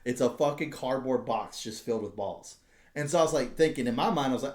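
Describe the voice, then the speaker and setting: A man hosting a podcast, telling a story in casual, profane, animated chat, with a noticeable echo around him. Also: mid-range voice, fairly quick. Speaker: podcast host. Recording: roomy echo.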